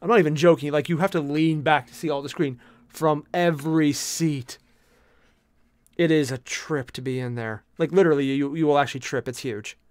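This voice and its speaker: A young man streaming while he paints miniatures, chatting with viewers in an animated, jokey way. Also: on the high side, normal speed, no room sound, studio quality. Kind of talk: casual live-stream chat.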